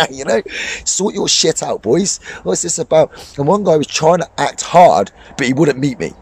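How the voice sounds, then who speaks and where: Man, vlogger and coach, quick-fire sweary rant by a lake, faint ambience. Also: mid-range voice, darkish tone, slight background noise. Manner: blunt, swearing, heated with laughs. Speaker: fishing vlogger and boxing coach. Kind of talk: ranting vlog monologue. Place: outdoors by a lake.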